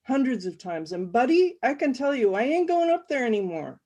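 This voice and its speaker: A weary, blunt man, read by a woman talks in a gruff, profane way. He sounds worn out and unimpressed. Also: sits high, sing-song, normal speed, dark tone, voice pushed up. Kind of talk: reading a story aloud.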